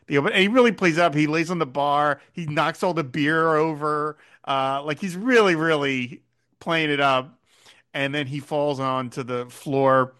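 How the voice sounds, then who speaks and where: Animated man recapping a show. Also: a little high. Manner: animated, retells scenes with quoted lines. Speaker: podcast co-host. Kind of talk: casual episode recap chat.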